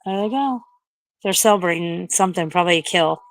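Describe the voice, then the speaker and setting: A woman's voice: fairly low pitch, a little fast, no room sound. Swearing, frightened woman streaming outdoors. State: out of breath. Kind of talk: casual livestream chat. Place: outdoors in a backyard at night.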